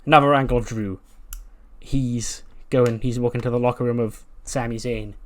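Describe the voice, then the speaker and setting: A man gives casual let's-play narration of a wrestling sim, his voice at an ordinary middle pitch. He is chatty and self-mocking, recapping events as they happen. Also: fairly even intonation, moderate pace. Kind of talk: casual game commentary.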